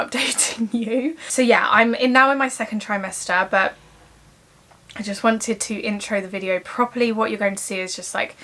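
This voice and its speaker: A young woman talking through her day in a casual personal vlog, emotional and tearful, speaking softly with frequent pauses. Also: mid-range voice. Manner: emotional, teary, soft-spoken. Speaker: vlogger.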